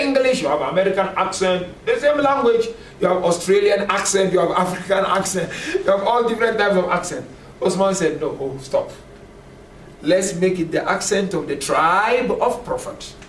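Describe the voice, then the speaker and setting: A man giving a religious lecture to a class, speaking conversationally and often turning to the listeners with "you know". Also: high-pitched. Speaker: religious teacher. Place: classroom at a community center. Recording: echoey room from far off, faint noise.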